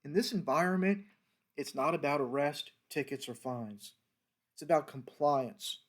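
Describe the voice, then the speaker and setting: A man's voice: a little high, a little slow. Man telling an old story casually. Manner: rambling, conversational, many fillers and restarts. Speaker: retired federal fisheries agent telling stories.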